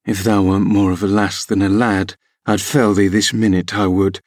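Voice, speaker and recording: A man reading an audiobook, voicing a rough, surly young farmhand with a Yorkshire accent, gruff and growling. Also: low-pitched, flat delivery, moderate pace, darkish tone, no room sound, studio quality.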